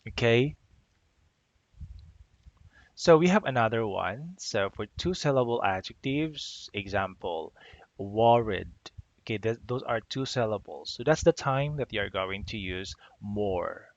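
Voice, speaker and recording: Man, low voice, gravelly, teacher, grammar lecture, step-by-step explaining, frequent "okay?", muffled lo-fi sound. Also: expressive, unhurried, no echo. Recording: dull lo-fi recording.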